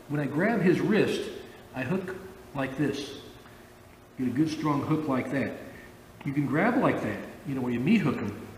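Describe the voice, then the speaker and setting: A man's voice: a little high, darkish tone, roomy sound, big-room sound, distant mic, slight background noise, poor audio. A man teaching a judo arm lock, explaining in an informal way with repeated okay checks. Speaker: judo instructor. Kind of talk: instructional demonstration and commentary.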